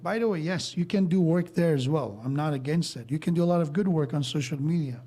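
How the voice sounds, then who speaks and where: Mellow-voiced man giving a mosque sermon. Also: on the high side, brisk, hardly any pauses. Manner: explains verses step by step, tells stories with quoted dialogue. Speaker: speaker at a mosque.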